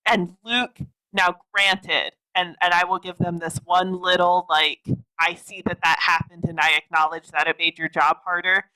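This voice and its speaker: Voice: medium pitch, flat delivery, moderate pace, bright, forceful tone, recorded from a distance, rough recording. Wry podcast co-host, a bit off-mic. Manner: wry, laughing, swears casually. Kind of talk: casual chat.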